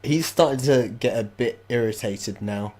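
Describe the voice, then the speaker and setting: A man narrating a tabletop role-playing game as game master, talking casually with pauses. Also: medium pitch, darkish tone. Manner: casual, halting with fillers.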